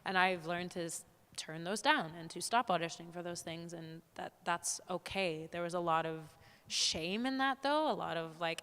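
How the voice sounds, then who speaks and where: A young adult woman, an actor on a panel, telling candid stories in a lively, frank, self-deprecating way. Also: fairly low pitch, normal speed, clear, resonant tone. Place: theater hall at a live talk. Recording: long reverb of a hall.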